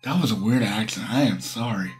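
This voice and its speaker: A man's voice: fairly low pitch, a little fast, soft background music. A man streaming live, chatting casually in a tired, rambling way and stumbling over his words.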